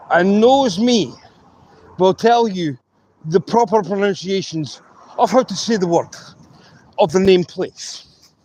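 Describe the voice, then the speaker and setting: A man's voice: sits high, low-quality recording. A man with a Scottish accent chatting casually on a livestream, greeting viewers and ranting emphatically in an opinionated way. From Scotland.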